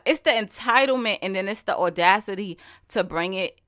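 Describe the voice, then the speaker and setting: A woman hosting a solo podcast, talking straight into the mic in an emphatic, conversational way. She fires off rhetorical questions in easy slang, and her voice sits at a middle pitch. The sound is dry and close, with no room around it. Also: moderate pace, fairly bright tone, no echo. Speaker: podcast host. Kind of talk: casual solo podcast monologue.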